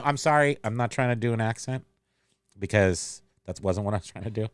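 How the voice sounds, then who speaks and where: A man's voice: on the low side, brisk, no echo. A man hosting a livestream in a casual, rambling chat, reading out and answering viewer comments. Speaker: livestream host.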